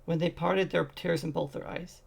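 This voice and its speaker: A man's voice: on the high side, fairly even intonation, fairly quick, vocal fry, husky. A man narrating a fantasy short story as a fan audiobook, reading steadily with occasional slips.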